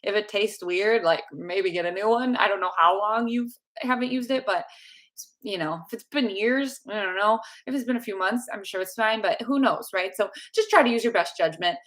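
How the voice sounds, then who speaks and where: A woman's voice: medium pitch, normal speed, a bit bright. A woman chats through a live question-and-answer stream about teeth. Her delivery is bubbly and loose, full of little asides. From United States. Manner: chatty and bubbly, with frequent laughs and fillers. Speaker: dental YouTuber answering viewer questions. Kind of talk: live Q&A chat.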